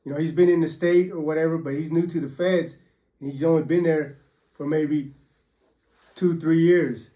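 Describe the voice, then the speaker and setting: A man's somewhat high voice recounts his own prison days in loose, easygoing storytelling. His talk is full of swearing and street slang, with constant "you know" fillers. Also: steady tone, moderate pace, dark tone. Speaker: former federal prisoner telling his stories. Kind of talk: casual first-person storytelling.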